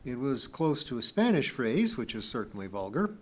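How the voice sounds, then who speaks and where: A man's voice: medium pitch, big pitch swings, moderate pace. Man narrating an audiobook. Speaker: audiobook reader. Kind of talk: scripted narration.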